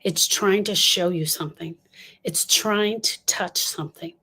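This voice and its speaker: A woman's voice: fairly low pitch, a little slow, bright, forceful tone, breathy edge. An older woman giving an impassioned talk on grief, emphatic and repeating lines for stress as she speaks straight to her listeners.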